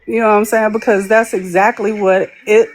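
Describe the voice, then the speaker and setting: A woman's voice: medium pitch, flat delivery, a little fast, a little hiss or hum. A woman, a guest on a live stream, telling a long story in a chatty way and acting out what people said. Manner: chatty, laughs while telling, acts out quoted people. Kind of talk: casual storytelling.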